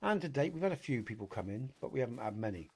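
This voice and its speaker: A man's voice: mid-range voice, big pitch swings, fast talker, a little mellow, breathy edge. Chatty rambling British male game streamer. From Britain. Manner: rambling and chatty, frequent swearing, lots of "you know". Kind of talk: casual live-stream chat while playing a hunting game.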